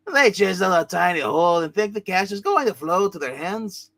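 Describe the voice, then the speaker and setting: A man hosting a live comic reading, playful and quick to laugh. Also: high voice, lively intonation, gravelly, sharp tone, no room sound. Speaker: comic reader and channel host.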